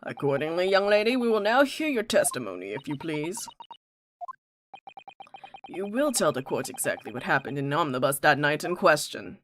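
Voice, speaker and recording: Woman putting on a stuffy old judge, lowish, wildly swinging voice, formal and flustered. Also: sing-song, moderate pace, fairly bright tone, a little hiss or hum. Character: pompous elderly male courtroom judge.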